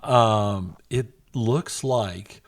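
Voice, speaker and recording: A man with a fairly low voice co-hosts a casual podcast. He talks in a relaxed, halting way, filling gaps with ums and uhs as he walks through news. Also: no room sound, studio quality. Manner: relaxed, hesitant, many fillers while reading news. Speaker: podcast co-host. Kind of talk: casual chat.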